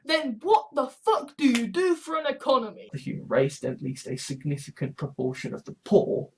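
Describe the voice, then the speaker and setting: Woman vlogger, highish voice, swears nonstop, blunt rant. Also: normal speed, a little hiss or hum. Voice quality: swears constantly, animated and blunt. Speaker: video blogger. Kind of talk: profane ranting commentary.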